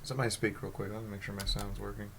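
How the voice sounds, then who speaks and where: A man hosting a casual group chat on a stream, excitable and given to swearing and loud outbursts. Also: fairly low pitch, very fast. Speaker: host. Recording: faint background noise.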